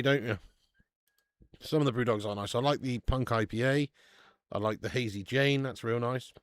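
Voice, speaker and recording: Male streamer, casual banter, excitable shout-outs, dry close mic. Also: mid-range voice, dry recording. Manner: excitable, laughs often, bursts of shouting greetings. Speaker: football watch-along host. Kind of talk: casual live-stream chat.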